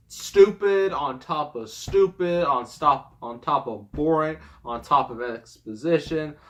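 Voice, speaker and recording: Slow-talking exasperated man ranting. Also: medium pitch, a bit bright. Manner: exasperated, rambling, breaks into laughs. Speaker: movie reviewer, host of the show. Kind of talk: casual movie review rant.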